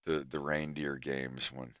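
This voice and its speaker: A man's voice: rumbling low, flat delivery, a little slow, a bit bright, no room sound, studio quality. A man from Florida with a Southern drawl, chatting casually on his stream and often restarting his sentences. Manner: rambling, restarts often, laughs easily. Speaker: animator and streamer.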